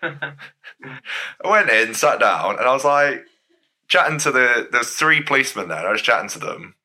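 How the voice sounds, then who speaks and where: A young man co-hosting a podcast, telling an animated story in casual chat. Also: moderate pace. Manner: animated storytelling, lively pitch. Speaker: podcast co-host.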